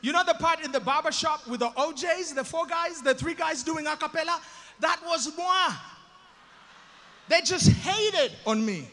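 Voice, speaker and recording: A man from Uganda with a Ugandan accent doing animated stand-up storytelling, acting out voices with self-mocking asides. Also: extremely high pitch, unhurried. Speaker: stand-up comedian. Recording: live in an echoey hall.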